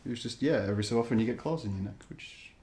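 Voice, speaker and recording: A young man from England hosting a podcast, talking in a relaxed, chatty way with his brother and laughing often. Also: mid-range voice, rapid-fire. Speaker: podcast host. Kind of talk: casual chat.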